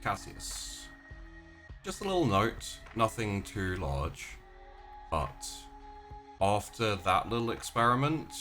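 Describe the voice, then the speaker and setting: A man's voice: fairly low pitch, pushed and bright. A man narrating as game master of a tabletop role-play, rambling as he searches for words.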